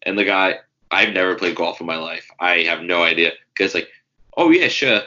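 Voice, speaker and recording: A man's voice: deep voice, little pitch movement, a little fast, sharp tone. A man, co-hosting a casual sports podcast and telling rambling stories with fillers and swearing. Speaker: podcast co-host. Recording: dull lo-fi sound.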